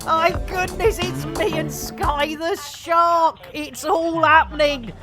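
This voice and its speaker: A woman streaming a game live, chatting excitedly and thanking her viewers with frequent exclamations. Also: extremely high pitch, takes it slowly, loud music behind the voice. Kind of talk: live gaming stream chat.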